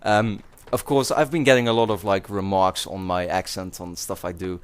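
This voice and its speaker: A man's voice: deep voice, fairly even intonation, normal speed, clean tone. A young man from the Netherlands with a Dutch accent, rambling casually to his viewers with many fillers and restarts. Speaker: YouTuber.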